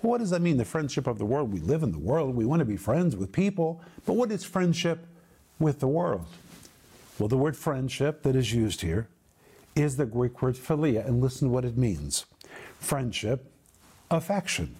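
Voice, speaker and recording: A man teaching a Bible lesson in a sermon style, emphatic and slow on key phrases, often repeating words for weight. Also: mid-range voice, sing-song, warm tone, husky.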